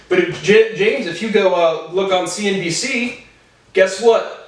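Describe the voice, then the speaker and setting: A man in his twenties giving a rambling, profane personal monologue to camera, jumping between animated tangents. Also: fairly high pitch, slight background noise. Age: 20s. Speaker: vlogger. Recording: very echoey room, voice far from mic.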